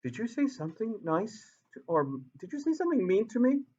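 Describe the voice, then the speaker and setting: A man's voice: high-pitched, very animated, a little fast, dark tone, muffled recording, pitched above the performer's own voice. A man voicing water as a mild, oblivious person who barely notices being insulted. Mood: puzzled. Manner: puzzled, mild and unfazed.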